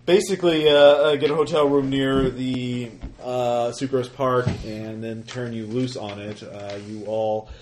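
A man running a tabletop game, his narration halting and full of fillers. The recording carries a noticeable hiss under his middle-pitched voice. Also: little pitch movement. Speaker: game master. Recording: noisy room recording.

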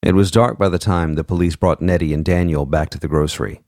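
A man narrating an audiobook in a measured, expressive way, voicing each character. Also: low voice, no room sound, clean studio sound.

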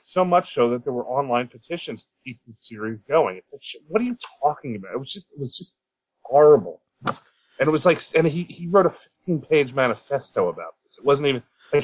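A man's voice: mid-range voice, fairly bright tone, poor audio. A man on a casual podcast, dry and dismissive, swearing casually as he talks. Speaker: podcast co-host or guest.

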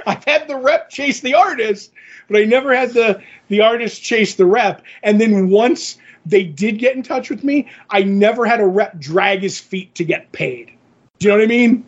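A man's voice: high-pitched, normal speed. A man co-hosting a podcast, telling a long story casually and acting out the other people's lines in it. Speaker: podcast co-host. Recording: dull lo-fi podcast audio.

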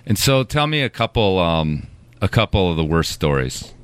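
A man's voice: low-pitched, sing-song, moderate pace, clear, resonant tone, dry recording. A man hosting a podcast, asking questions in a laid-back, blunt way and swearing casually. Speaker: podcast host. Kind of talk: casual interview chat.

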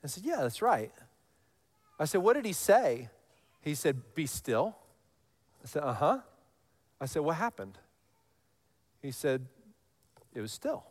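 A man in his thirties preaching a sermon, telling stories with animated highs and dropping to a hush for scripture lines. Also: unhurried, pauses often. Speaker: pastor.

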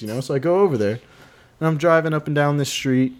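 On a casual podcast, this man talks fast in a mid-range voice, rambling through a long tale full of profanity and acted-out quotes as one of the co-hosts.

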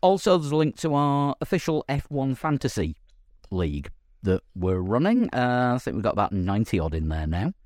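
A man hosting a casual podcast chat, talking in a halting way with many ums and restarts. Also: medium pitch, very animated, darkish tone, dry recording, studio quality. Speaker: podcast host.

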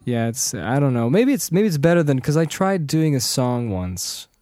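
A man chatting casually on a podcast, animated and quick to laugh, often restarting his sentences. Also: mid-range voice, no echo. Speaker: audiobook narrator and podcast host. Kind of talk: casual chat.

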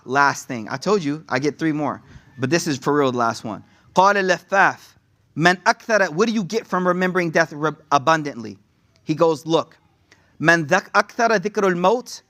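A man giving a casual religious lesson in slangy, conversational talk, reading quotes in a quick run and then explaining them to his listeners. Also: mid-range voice, fairly bright tone. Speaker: religious teacher.

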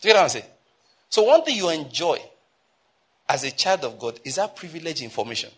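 A Nigerian man preaching from the pulpit, his voice husky and a touch breathy. He drives his points home emphatically, climbing into urgent appeals and then stretching out key phrases slowly for weight. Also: fairly high pitch, big pitch swings. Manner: emphatic preaching, rising to urgent exhortation and slowing to stress phrases. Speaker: pastor. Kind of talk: sermon.

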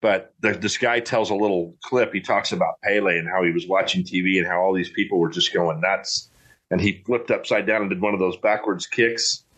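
A middle-aged man with a fairly low voice chats in a loose, folksy way. He rambles and restarts his sentences often. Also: steady tone, fairly quick, a bit bright. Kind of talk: casual chat.

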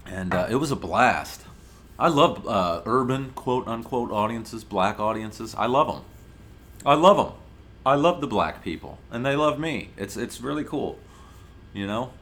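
A man's voice: mid-range voice, animated, measured pace, a bit bright. A male podcast host from Ohio, ranting in a brash, profane, mock-indignant way in a casual comedic monologue.

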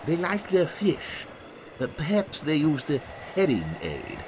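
A man's voice: on the high side, wildly swooping pitch, unhurried, darkish tone, a little hiss or hum, voice pushed down, heavily acted. A man doing a punning expedition man. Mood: earnest. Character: punning, cheery British expedition member.

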